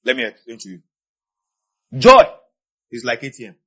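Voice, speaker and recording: A man preaching a sermon with passion. He swings between quiet asides and shouted peaks, and he repeats key phrases for emphasis. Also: mid-range voice, racing, husky. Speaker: pastor.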